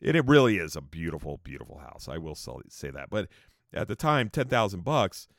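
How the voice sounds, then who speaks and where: A man's voice: deep voice, sing-song, brisk, vocal fry, no echo, studio quality. A man hosting a podcast, telling a history story casually, rambling with restarts and asides. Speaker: podcast host.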